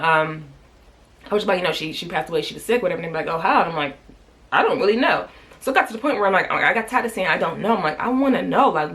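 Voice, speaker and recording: Fast, bright-voiced woman vlogger, candid and profane. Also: fairly low pitch, vocal fry. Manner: candid, profane, heated retelling. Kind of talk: casual storytelling to camera.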